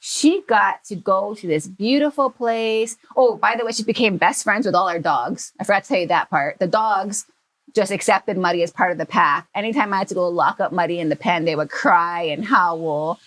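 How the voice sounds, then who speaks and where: A woman at an ordinary middle pitch tells a childhood memory on a podcast. She talks loosely and conversationally, with plenty of fillers. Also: moderate pace. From Hawaii. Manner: animated storyteller who acts out quoted family members. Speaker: podcast guest. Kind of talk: casual storytelling.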